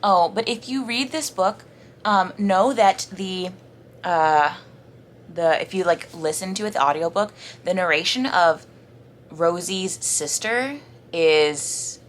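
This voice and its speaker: A young Southern woman talks loosely in a casual book vlog, full of fillers and asides. Her voice sits a little low for a woman. A faint background hum runs under the recording. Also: takes it slowly. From American South. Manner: chatty, rambling, many fillers and likes. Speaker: book vlogger. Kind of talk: casual reading vlog chat.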